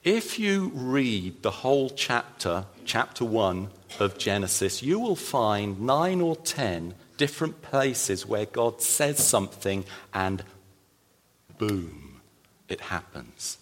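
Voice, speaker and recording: A male pastor preaching a sermon with animated, emphatic delivery and playful asides. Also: fairly low pitch, slow. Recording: long reverb of a large hall.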